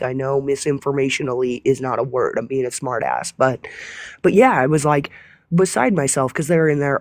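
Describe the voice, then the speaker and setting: A woman chatting on a live stream, swearing freely and laughing through her stories. Her voice sits at an ordinary pitch, and the recording is dry and close. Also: normal speed, no echo. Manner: profane, laughing, animated storytelling. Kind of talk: casual chat.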